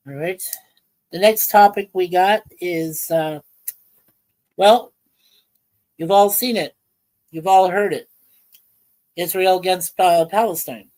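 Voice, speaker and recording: A woman hosts a relaxed livestream chat, her voice sitting a touch low. She talks in a loose, rambling way, with many ums and restarts, and stops to greet viewers by name. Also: low-quality recording. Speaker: livestream host. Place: home in Ontario, Canada.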